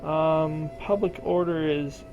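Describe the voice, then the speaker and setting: Man voicing strategy-game commentary, slow and unhurried, thinks aloud, soft game music behind. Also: fairly high pitch, fairly even intonation, dull audio. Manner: thinks aloud, addresses game regions directly. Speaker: gameplay commentator.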